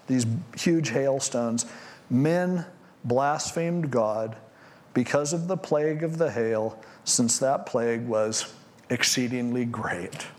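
Animated, conversational preacher, a man. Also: mid-range voice. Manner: conversational, animated preaching that acts out what people say. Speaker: pastor. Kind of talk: sermon on scripture.

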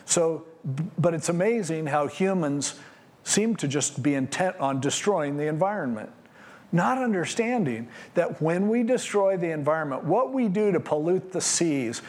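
Animated, conversational preacher, a man. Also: on the high side, normal speed. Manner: conversational, animated preaching that acts out what people say. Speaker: pastor. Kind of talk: sermon on scripture.

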